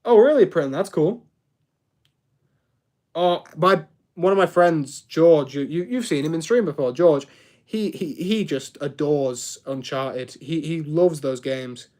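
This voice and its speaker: A man's voice: a little high, takes it slowly, a little mellow. A young man chatting casually on a live stream while he builds, rambling, reacting to chat and tripping over his words.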